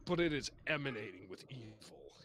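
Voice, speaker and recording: A man plays a blunt, cursing human paladin in a tabletop game, at an ordinary middle pitch with faint noise underneath. He sounds wary and road-weary, and barks his words out short and stern. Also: expressive, a little fast, a bit bright, natural voice. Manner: blunt, alarmed, then tired and stern.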